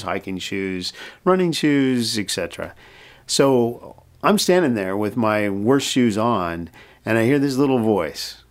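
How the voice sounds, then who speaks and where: A middle-aged American man, a mission leader, telling a personal story in an interview and acting out the dialogue. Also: lowish voice. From United States. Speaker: mission president, guest.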